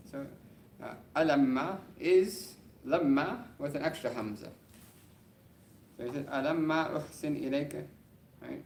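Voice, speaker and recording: A man teaching Arabic grammar to a class. He races through the source text, then slows down to explain each point and keeps checking in with the room. His voice carries a roomy echo over faint background noise. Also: fairly high pitch, gravelly, darkish tone. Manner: reads Arabic text quickly, then explains slowly with frequent "right?". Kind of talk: classroom lesson.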